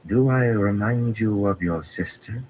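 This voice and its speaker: Man doing imperious young noblewoman, slow honeyed drawl, commanding, low for a woman, storybook reading. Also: lively intonation, highs cut off, slight background noise. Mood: cool, commanding.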